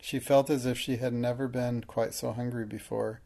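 A man narrating an audiobook in a steady, measured reading. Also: mid-range voice, vocal fry.

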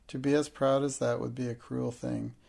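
Gravelly guy reading an audiobook, steady and flat. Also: mid-range voice, moderate pace. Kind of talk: audiobook narration.

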